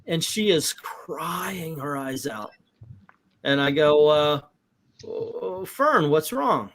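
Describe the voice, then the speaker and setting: A middle-aged man hosting a casual comic book livestream, animated and acting out quotes in little voices. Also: fairly high pitch, extremely slow. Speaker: comic book show host.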